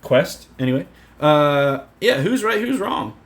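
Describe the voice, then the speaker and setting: A man's voice: on the high side, very animated, unhurried. A man in a casual vlog rant, sarcastic, repeating a mocking "hello" to make his points. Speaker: vlogger.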